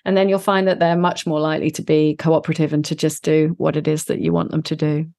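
A woman's voice: low voice, level tone, fast talker, darkish tone. A middle-aged woman co-hosting a parenting podcast, talking enthusiastically and laughing between words. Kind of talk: casual conversational podcast chat.

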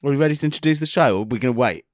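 A man's voice: medium pitch, lively intonation, rapid-fire, dry recording, studio quality. A man co-hosting a comedy podcast, teasing his partner in casual, sweary banter. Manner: teasing, swears freely, breaks into laughter. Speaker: podcast co-host.

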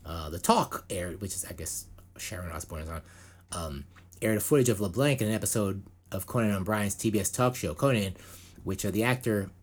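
A man's voice: low-pitched, a little fast. A man hosting a metal news podcast, talking in rambling, profane casual chat. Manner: rambling, profane, animated banter.

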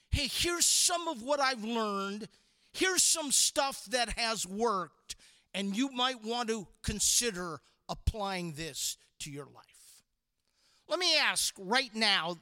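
A man speaking as a guest youth speaker to students, animated and coaxing, calling out prompts for the audience to repeat. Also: very high-pitched. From from the Chicago area. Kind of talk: energetic chapel talk to students.

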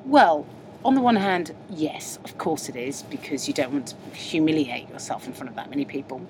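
A self-mocking young woman comedian talks loosely and laughs a lot. Her voice sits fairly low but swings widely. The recording carries clear rumble from the train she rides. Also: big pitch swings, brisk. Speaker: podcast co-host and stand-up comedian. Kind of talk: casual chat. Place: moving train at night. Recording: background train noise.

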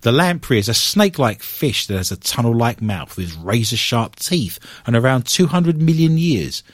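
Lively joking male podcast host. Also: medium pitch, moderate pace, no room sound. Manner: joking, laughs often, animated. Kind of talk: casual chat reading news stories.

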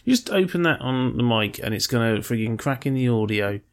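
A man's voice: medium pitch, lively intonation, fairly quick. A man co-hosting a podcast in casual chat, rambling, joking and swearing freely. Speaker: podcast co-host.

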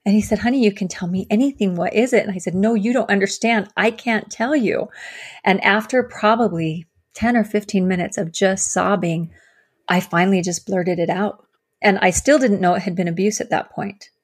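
A woman sharing her personal story as an interview guest, earnest and halting, with many fillers and restarts. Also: medium pitch, husky. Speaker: guest, survivor advocate.

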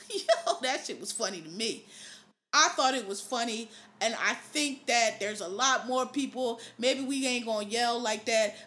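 A woman's voice: a little high, pushed and bright. A woman podcast host ranting in casual, profane, exasperated commentary.

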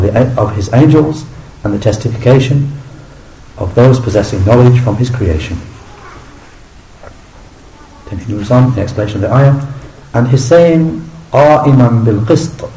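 A man gives a recorded religious lesson with a mellow, relaxed tone, explaining his source in a measured way and restating each Arabic term in English. The recording is roomy and echoey, with a faint hiss of background noise underneath. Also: mid-range voice. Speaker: teacher translating and explaining a scholar's commentary.

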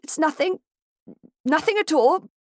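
A woman reading an audiobook, voicing a cheery, upbeat gentleman from the early 1800s with hearty, brave-faced exclamations. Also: high voice, expressive, a little slow, no room sound, studio quality, pitched above the performer's own voice. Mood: bravely grateful.

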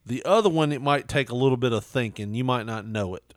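A man's voice: medium pitch, fairly quick, no echo, studio quality. A man co-hosting a podcast, teasing and laughing a lot in crude casual banter. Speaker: podcast co-host.

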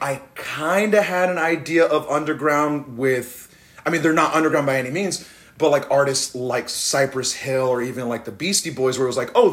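A man in his thirties, a rapper as guest, telling stories in a casual interview and acting out the voices of the people he quotes. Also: mid-range voice. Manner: animated, acts out quoted voices.

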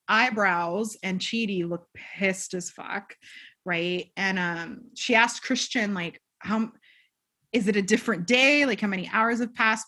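This is a woman co-hosting a podcast in casual chat. She retells a film's story with lively energy and slips into quick impressions of the characters. Her voice sits at an ordinary middle pitch. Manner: animated storyteller, acts out quotes. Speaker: podcast co-host. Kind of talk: casual film recap chat.

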